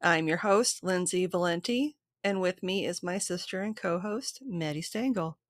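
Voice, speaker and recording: Woman podcast host, lower voice, dry close sound, reads evenly from a script. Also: moderate pace, dry recording. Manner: steady, reads long lists evenly.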